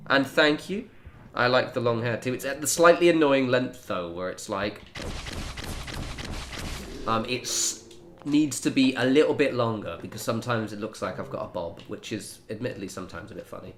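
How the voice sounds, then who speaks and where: A man's voice: mid-range voice, animated, moderate pace, fairly bright tone. A young man chatting casually while he streams a game, rambling in asides to his viewers. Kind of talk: casual gameplay commentary.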